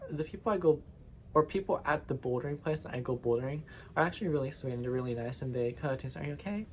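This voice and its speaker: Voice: medium pitch, darkish tone, slight background noise. A vlogger chatting casually and at length, wandering off on tangents and getting playfully indignant. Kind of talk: casual rambling monologue.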